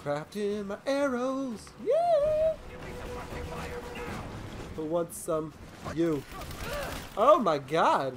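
A let's play commentator who yells, taunts enemies and swears a lot while playing. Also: mid-range voice, wildly swooping pitch, very slow, pauses often, background noise. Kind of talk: gameplay commentary.

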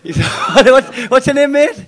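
Geordie comic bloke, fairly high voice, swearing a lot and ribbing the front row at a comedy club. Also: male voice, unhurried, a bit bright. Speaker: stand-up comedian. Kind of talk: stand-up crowd work.

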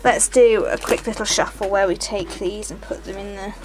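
A young woman speaks at normal speed in a mid-range voice with fairly even intonation, chatting casually as she opens booster packs for her channel. She giggles and repeats herself while reading out each card. Background noise and faint music are audible.

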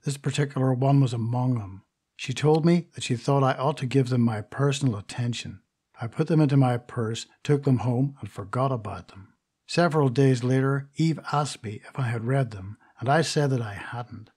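A man's voice: mid-range voice, normal speed, a little mellow, husky, close to an everyday voice. A man reading a vain, indignant stage actress. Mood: indignant gossip. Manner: gossipy, indignant confiding. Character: vain grand stage actress, middle-aged woman. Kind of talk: audiobook reading.

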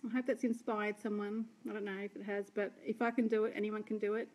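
An Australian woman, a sales director, chatting and rambling warmly to her team on a live stream. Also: mid-range voice, little pitch movement, fast. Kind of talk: live-stream talk to viewers.

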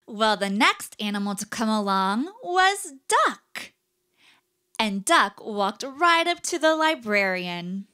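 A woman's voice: on the high side, very animated, takes it slowly, sharp tone, clear, resonant tone. A woman narrating a children's puppet show with sing-song, exaggerated storytelling emphasis.

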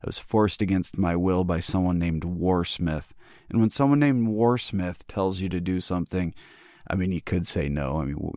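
A man's voice: low voice, darkish tone, no echo, clean studio sound. A man hosting a podcast in casual chat, joking and swearing a lot. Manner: profane, joking. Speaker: podcast host.

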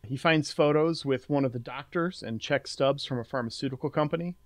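Male podcast co-host, mid-pitch, plain recap delivery, dry recording. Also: brisk, dry recording. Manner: reads plot summary in a steady recap, then chats. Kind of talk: casual recap and chat.

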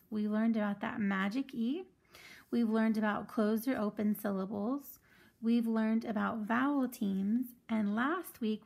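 A woman's voice: fairly high pitch, creaky, a little mellow. A woman teaching a phonics lesson to children, patiently sounding out words syllable by syllable.

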